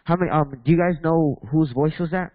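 A man preaches a bilingual sermon in a church, reading scripture and moving between English and Spanish with halting restarts as he questions the congregation. His voice is fairly high. The audio is narrow and tinny, dry with no room sound yet carrying a big-room quality.

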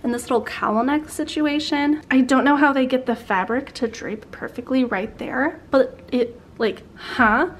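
A bubbly young woman talks through a clothing haul in a casual vlog, gushing and laughing between sentences. Her voice sits a little high for a woman and bounces with excitement. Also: moderate pace, few pauses, a little hiss or hum. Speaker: vlogger.

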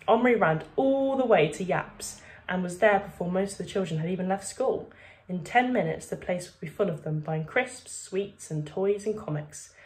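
Brief: woman reader, lowish voice, expressive storybook read-aloud. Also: normal speed.

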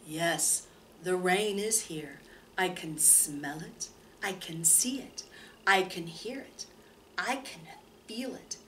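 A woman voicing a big, calm male lion who talks in a deep, soft purr for a children's storybook. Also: takes it slowly, distant mic, a little hiss or hum. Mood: contented.

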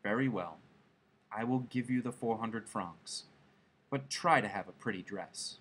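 A man reading a story aloud, voicing a timid, eager-to-please clerk husband who stammers hopefully, in a husky voice. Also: lowish voice, unhurried, fairly bright tone, pitched below the performer's own voice, exaggerated voice.

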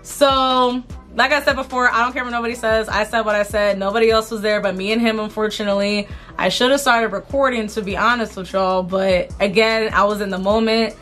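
A young woman vlogger telling an indignant storytime while doing her makeup, animated, full of slang and repeated phrases. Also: fairly high pitch, brisk, hardly any pauses, soft background music. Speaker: beauty vlogger.

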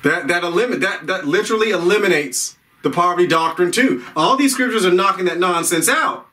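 A man's voice: high voice, expressive, a little fast, pushed and bright, far from the mic. A man preaching an informal sermon, rambling, repeating himself and restarting his sentences.

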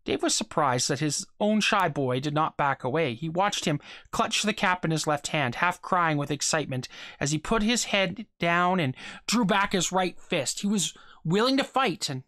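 A reader narrating a short story aloud for students, in a steady, measured manner. The voice sits at a middle pitch, and the recording is dry and close with no room sound. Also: no room sound.

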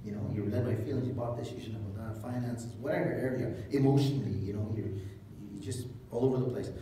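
A man preaching a sermon as pastor, retelling scripture in a casual, joking way with animated asides. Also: medium pitch, quick pace, a little hiss or hum. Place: church hall. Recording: echoey hall, mic at a distance.

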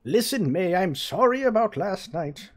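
A streamer reading aloud the lines of a worried, gentle middle-aged father in a video game, in an apologetic tone. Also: medium pitch, very animated, unhurried, voice pushed up.

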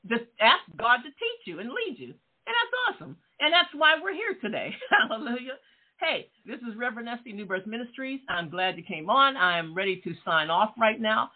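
A woman's voice: on the high side, very animated, moderate pace. A woman pastor preaching a fervent sermon, peppering her talk with "Amen" and questions to her listeners. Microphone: phone line, radio call-in show. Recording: tinny phone-line sound.

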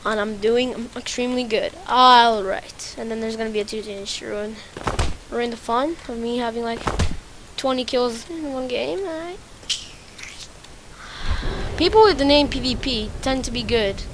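A woman hosting a let's play, commentating excitedly as she plays, swearing often and repeating phrases over and over. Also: on the high side, measured pace, pauses often, background noise. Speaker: gaming channel host.

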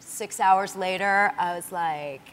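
Animated New York woman telling stories. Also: a little high, fairly quick. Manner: animated storyteller, acts out quotes. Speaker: talk show guest. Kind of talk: casual chat. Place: TV studio with audience. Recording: studio audience and noise.

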